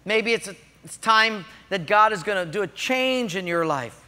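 A man preaching a sermon, telling a story in an animated way and acting out the quotes. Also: high voice, moderate pace, big-room sound. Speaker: pastor.

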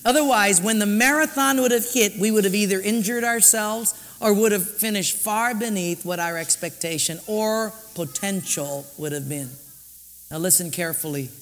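A man's voice: a little high, fairly bright tone. A man preaching a sermon, telling a personal story and acting out his own thoughts. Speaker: pastor. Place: large church. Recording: reverberant church hall.

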